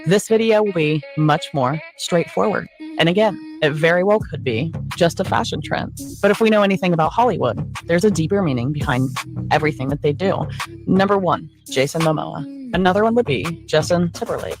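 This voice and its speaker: A woman's voice: fairly low pitch, expressive, brisk. A woman reading a scripted voice-over narration in a sly, insinuating tone, dropping knowing asides. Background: music bed.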